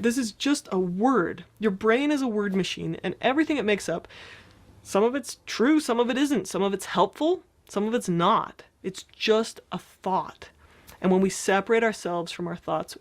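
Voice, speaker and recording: Woman, therapist, relaxed explanatory talk, conversational, mid-pitched voice, keeps checking in with listeners. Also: moderate pace. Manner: conversational, often checks in with "right?".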